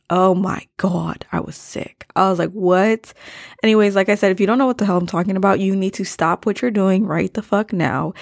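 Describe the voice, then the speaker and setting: A young woman from Maryland hosts her own podcast, chatting casually in a rambling, slangy, profane way that drifts off topic. Her mid-range voice is creaky and a little mellow, captured in a dry, studio-quality recording.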